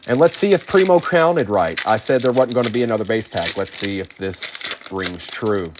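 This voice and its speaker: A man hosting a live card break, rapidly calling out player names and chatting with viewers by name. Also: on the low side, lively intonation, background noise.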